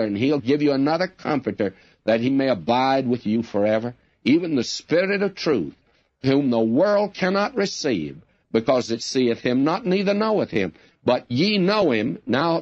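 A man's voice: medium pitch, darkish tone, no room sound, muffled recording. An older man preaching a sermon, folksy and direct, calling his listeners friends. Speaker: radio Bible teacher.

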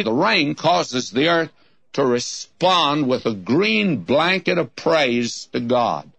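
A man's voice: mid-range voice, vocal fry, a bit bright, no echo. A man giving a Bible study sermon in a folksy way, calling listeners his friends and reading scripture in old-fashioned wording. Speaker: Bible teacher.

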